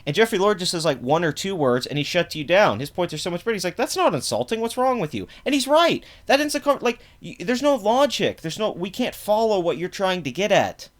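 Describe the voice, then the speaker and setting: A man's voice: sits high, expressive. Angry, profane young man ranting. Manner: angry, profane, fast-talking rant with frequent fillers. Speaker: political commentary video host. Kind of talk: reaction rant.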